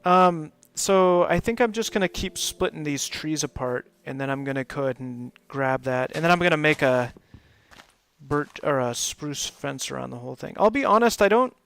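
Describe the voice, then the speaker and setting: A man's voice: on the high side, lively intonation, moderate pace, gravelly, a bit bright. Chatty man streaming a game. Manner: chatty, laughs often, many fillers. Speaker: live gaming streamer. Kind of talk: casual chat while playing a game.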